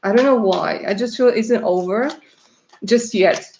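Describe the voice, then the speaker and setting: A woman from Russia doing live-stream tarot readings, chatty and warm in her words, laughing often and calling viewers darling. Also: mid-range voice, moderate pace, slight background noise. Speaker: tarot reader.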